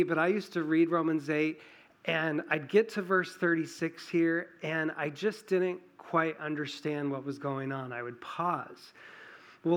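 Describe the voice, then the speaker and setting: A male pastor preaching an earnest sermon in a church, rising for emphasis and dropping low and soft.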